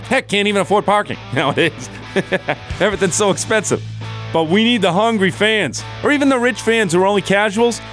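A man's voice: high-pitched, a little fast, a bit bright, faint music behind. A man hosting a sports talk radio show, delivering a blunt, opinionated monologue and chuckling as he goes. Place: radio studio.

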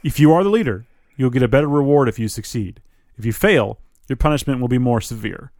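A man's voice: mid-range voice, expressive, fairly quick, a little mellow, no echo, studio quality, natural voice. A man reading aloud as a thin, stern young corporate HR man with stiff, formal phrasing. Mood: menacing.

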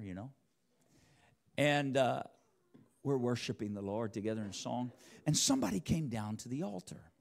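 A preacher telling a personal story in a church sermon, acting out both sides of the conversations. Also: male voice, fairly low pitch, vocal fry. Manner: animated, acts out both sides of dialogue. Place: church sanctuary.

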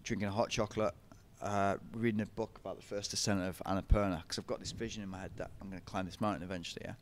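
A man's voice: low-pitched, steady tone, very fast. A young man, telling running stories in a casual interview, chatty and laughing often. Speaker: podcast guest, ultra runner.

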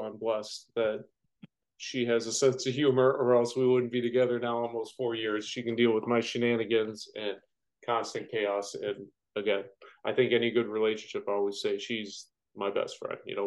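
A man in his thirties, a firefighter, guesting on a podcast and telling jokey, animated stories full of acted-out quotes. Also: lowish voice, moderate pace, poor audio. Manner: joking, animated storyteller who acts out quotes. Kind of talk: casual interview chat.

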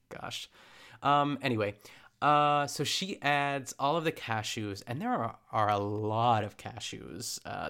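A young man with a fairly low, creaky, fairly bright voice casually recaps a cooking show. He rambles and chats, correcting himself often and using lots of fillers.

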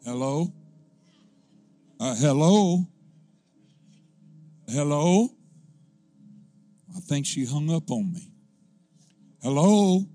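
A man with a notably high voice preaches from the pulpit, spinning a homespun, humorous story. His telling swells into fervent, shouted praise. Faint music plays underneath. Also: animated, slow pace, long pauses. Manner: folksy, humorous testimony rising into fervent preaching. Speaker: pastor. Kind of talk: storytelling sermon.

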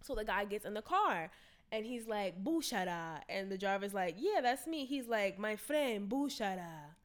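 A young woman telling a story in casual chat, slangy and animated, acting out the quotes. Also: medium pitch, moderate pace.

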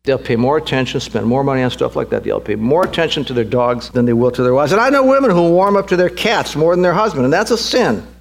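A man's voice: mid-range voice, animated, quick pace, creaky, hardly any pauses. A middle-aged man preaching a sermon as pastor, emphatic and repeating phrases for stress.

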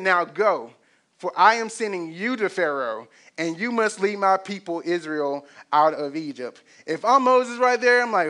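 A man's voice: high voice, bright, forceful tone. A young adult man preaching a sermon, retelling a story with playful acted-out quotes and frequent laughs. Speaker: pastor.

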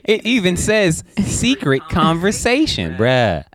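A man hosting a relaxed podcast chat, his voice sitting a bit high for a man and swinging widely as he talks. He tells stories with energy and slips into acted-out quotes along the way. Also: slow pace. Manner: animated storytelling, acts out quotes. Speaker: podcast host.

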